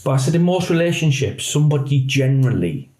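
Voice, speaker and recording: A middle-aged police officer, appearing as a podcast guest, candidly recounts events at a quick clip in a medium-pitched voice. He's an animated storyteller who acts out the voices of the people he quotes. The room is echoey.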